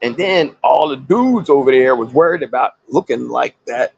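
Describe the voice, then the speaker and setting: A man and actor, a guest in an interview, telling animated stories and acting out the voices of people he quotes. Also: mid-range voice, normal speed, creaky, breathy edge, no echo, lo-fi sound. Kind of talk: casual interview storytelling.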